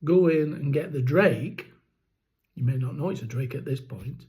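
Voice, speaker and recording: A poultry-keeping vlogger rambles casually about his birds, his speech dotted with ums, restarts and a rattle in his throat. The voice is a little high, expressive and mellow, at a normal speed. Recording quality is rough.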